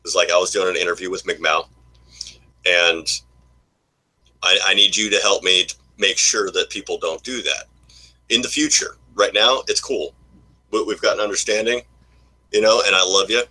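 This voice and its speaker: A man hosting a casual livestream chat, talking haltingly and repeating words in an easygoing way. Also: deep voice, fairly even intonation, sharp tone, low-quality recording. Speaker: livestream host.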